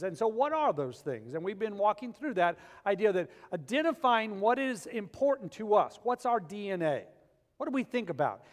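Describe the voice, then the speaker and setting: A male pastor delivering a sermon in a church, preaching with animation and dramatic swings between loud and quiet. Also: high-pitched. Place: church sanctuary. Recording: long church hall reverb.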